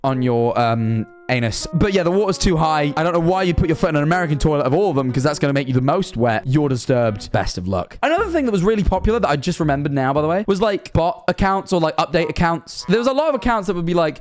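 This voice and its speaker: A young man with a fairly high voice riffs casually and irreverently as a YouTuber host. He swears freely, laughs between jokes and jumps his pitch up and down for comic effect. Faint music plays underneath. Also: lively intonation, quick pace, few pauses. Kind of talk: casual commentary reading old tweets.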